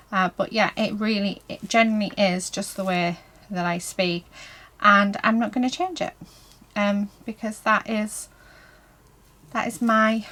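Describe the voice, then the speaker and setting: A woman's voice: medium pitch, a bit bright, low-quality recording. A woman chatting casually while she paints a craft project, talking to herself and her viewers and filling her speech with "so yeah" and "um". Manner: chatty, heavy on fillers like "so yeah" and "um". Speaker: crafting vlogger. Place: indoors at a craft table.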